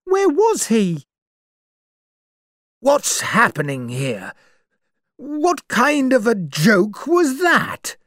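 A narrator voicing a frightened young woman who cries out in a high voice. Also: huge pitch swings, drawn-out words, long pauses, a bit bright, dry recording, studio quality, heavily acted. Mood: alarmed. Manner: high, crying out.

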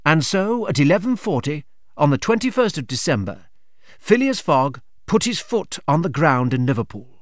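A man clearly narrating a simple storybook for learners. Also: a little high, very animated, moderate pace, no echo, clean studio sound.

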